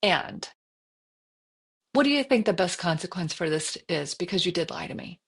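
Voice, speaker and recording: A woman in her fifties talks as a podcast co-host, her voice slightly husky and breathy. She tells stories animatedly in a casual, conversational way, slipping into her own inner voice as she goes. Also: lowish voice, lively intonation, moderate pace. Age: 50s. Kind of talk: casual storytelling chat.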